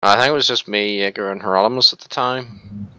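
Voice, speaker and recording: Male gamer on voice chat, sharp bright tone, dry close sound, swears, storytelling. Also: fairly low pitch, brisk, clean tone, no room sound, lo-fi sound. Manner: animated storyteller, swears freely. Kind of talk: casual chat.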